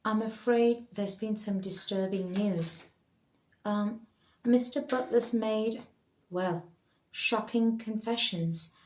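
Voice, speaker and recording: A man's voice: sits high, slow pace, a little hiss or hum, pitched above the performer's own voice. A woman voicing a polite, formal male paramedic, apologetic in tone. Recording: roomy echo.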